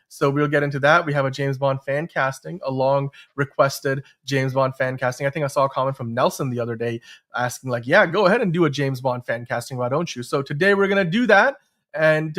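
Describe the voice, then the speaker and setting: A male host leading a relaxed fan news show. He talks in a chatty, rambling way full of fillers and restarts, at an ordinary mid pitch. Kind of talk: casual podcast chat.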